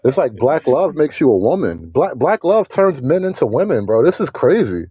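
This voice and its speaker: A man with a mellow, dark voice who comments bluntly and dismissively in a casual stream chat. His audio is dry and somewhat dull, like a remote call. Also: mid-range voice, very animated, normal speed, breathy edge, no echo. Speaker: guest co-host.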